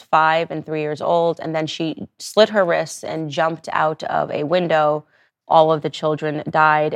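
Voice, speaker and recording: A woman's voice: low-pitched, gravelly. A woman in her thirties hosting her own show, delivering a personal monologue and acting out the people she quotes. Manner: animated storytelling, acting out quoted voices. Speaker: podcast host.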